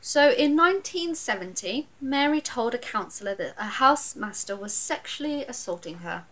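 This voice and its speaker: A woman's voice: a little high, animated, moderate pace, a bit bright, poor audio. A woman co-hosting a podcast, telling a true crime case in a casual chatty way. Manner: storytelling, reads out dates and facts. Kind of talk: casual chat, reading a case.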